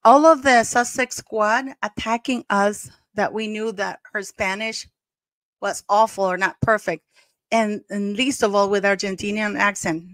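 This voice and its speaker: A woman's voice: medium pitch, steady tone, unhurried, a bit bright, dry recording. A middle-aged woman hosting a commentary vlog, talking bluntly and scornfully straight to her viewers. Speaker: commentary channel host.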